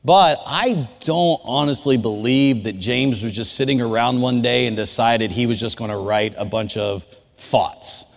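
Man, conversational sermon, storytelling, mid-pitched voice, long hall reverb. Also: measured pace, creaky, few pauses. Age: adult. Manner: informal, storytelling, speaks directly to the audience. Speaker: chapel speaker.

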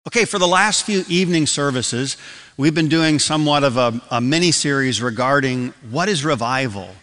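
In a church sanctuary, an older man from Michigan delivers an evening sermon as pastor, his story full of restarts and asides. He speaks at normal speed in a medium-pitched, slightly bright voice, and a long reverb tail follows his words.

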